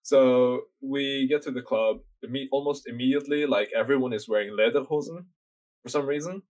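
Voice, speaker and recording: A man's voice: medium pitch, moderate pace, darkish tone, rough recording. A young man from Norway chatting casually on a podcast, rambling through a story full of fillers and swearing. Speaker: podcast guest telling a story. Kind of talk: casual chat.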